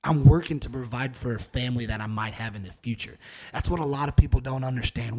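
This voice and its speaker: A man's voice: medium pitch, fast talker, a little mellow. A man in his thirties talks through a solo podcast episode with a mid-range voice. He rambles loosely and candidly, with frequent cussing and a plain, casual delivery. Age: 30s. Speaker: podcast host.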